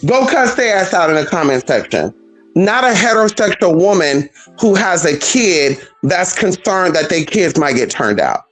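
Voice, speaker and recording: A woman's voice: on the low side, very animated, normal speed, soft background music, low-quality recording. A woman giving a sassy, blunt and profane vlog monologue, calling listeners honey and girl and talking back to imagined critics. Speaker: vlogger. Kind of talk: casual opinionated monologue.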